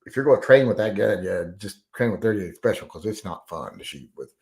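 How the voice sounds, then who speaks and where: A man hosting a casual live chat, reading out viewer comments and rambling between them with frequent fillers and throat clearing. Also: fairly low pitch, sing-song, brisk, a little mellow.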